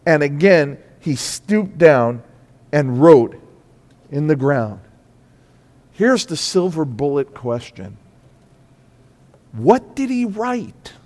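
A man preaching a sermon with emphasis, repeating his phrases and rising to loud peaks. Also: sits high. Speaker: pastor. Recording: echoey hall.

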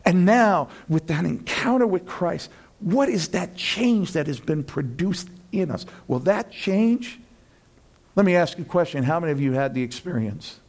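A male pastor preaching a sermon in an animated way, acting out the voices of friends and building to loud peaks. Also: on the high side, normal speed.

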